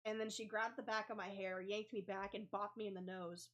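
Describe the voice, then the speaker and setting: A woman's voice: medium pitch, little pitch movement, brisk, a bit bright. A young adult woman casually telling a story while drawing, rambling with lots of filler words. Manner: rambling, lots of ums and likes. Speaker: comic artist vlogger.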